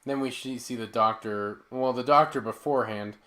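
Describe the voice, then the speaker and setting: A man's voice: mid-range voice, normal speed, fairly bright tone. Man, podcast co-host, casual plot recap, chimes in, finishes sentences. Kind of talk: casual movie recap chat.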